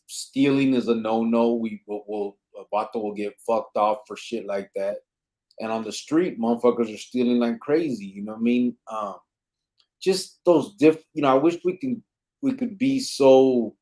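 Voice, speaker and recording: A man's voice: on the low side, mellow. A man hosting a live podcast, reading out chat comments and talking in a laid-back way full of street slang and swearing.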